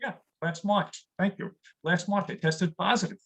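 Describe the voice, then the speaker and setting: A man in his sixties from New York, telling wry, rapid-fire one-liners in a stand-up comedy set on a stage mic. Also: high voice, creaky, a bit bright, low-quality recording. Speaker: stand-up comic.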